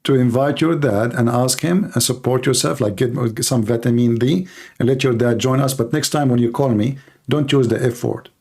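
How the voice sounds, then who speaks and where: Man, livestream host, hoarse tired voice, mid-pitched, mocking, combative, rhetorical repetition. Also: normal speed, a little mellow. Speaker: livestream host debating callers. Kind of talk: heated live-stream call-in debate.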